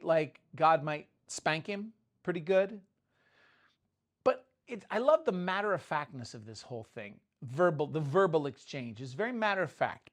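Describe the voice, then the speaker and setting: Casual middle-aged man preaching. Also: a little high. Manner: conversational, paraphrasing scripture loosely with many "like" and restarts. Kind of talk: casual sermon.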